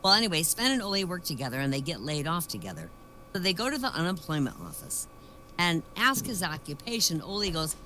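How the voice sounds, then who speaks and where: A woman's voice: on the low side, sing-song, fairly quick, sharp tone, a little hiss or hum, low-quality recording. A woman doing a stand-up set, chatty and wry, telling jokes in a storytelling way. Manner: chatty, complains wryly, narrates jokes with put-on voices. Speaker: comedian.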